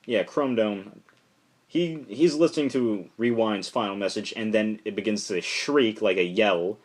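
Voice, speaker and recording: A man with a fairly low voice talks through a comic book issue in a casual, unscripted way. He sounds excited and rambles, stacking "like"s and restarting sentences as he goes. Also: measured pace. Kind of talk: casual enthusiastic plot recap.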